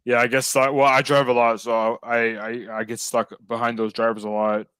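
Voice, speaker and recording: A man's voice: medium pitch, flat delivery, moderate pace, a bit bright, clear, resonant tone, no echo. A man in a casual chat who rambles, with lots of fillers and restarts.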